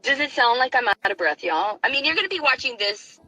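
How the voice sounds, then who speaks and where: A woman's voice: high voice, very animated, a little fast, pushed and bright, no echo, low-quality recording. A middle-aged woman, a nurse, gives heated commentary in a mocking, indignant tone, switching between languages.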